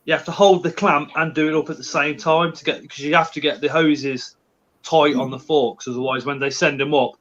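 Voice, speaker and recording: A man's voice: a little high, steady tone, brisk, a bit bright, muffled recording. A man hosting a live stream, chatting casually and rambling with lots of fillers. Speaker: livestream host.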